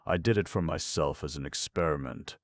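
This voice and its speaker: A man voicing a calm male scientist who answers tersely and defiantly, in a read-aloud play. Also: a bass voice, brisk, dry recording, clean studio sound.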